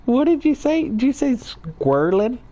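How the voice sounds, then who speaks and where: A man's voice: very high-pitched, big pitch swings, normal speed, dark tone, poor audio. A man hosting a casual gaming livestream, laughing often and reading chat aloud. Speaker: livestream host.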